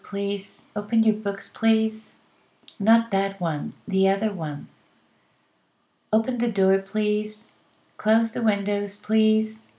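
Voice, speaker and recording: A woman, teaching by saying classroom phrases slowly and clearly, one at a time. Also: mid-range voice, a little mellow. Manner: slow, clear, deliberate delivery, phrase by phrase. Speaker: English teacher. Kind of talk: slow modeled classroom phrases for learners.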